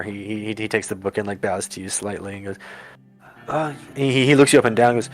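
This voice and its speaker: Low-voiced man running a tabletop game. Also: steady tone, soft background music. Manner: halting, many fillers and restarts. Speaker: game master.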